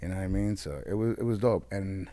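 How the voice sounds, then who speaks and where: A man's voice: sits low, quick pace. A man, a guest DJ telling stories in a casual interview and acting out what others said. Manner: animated storyteller, acts out quoted voices.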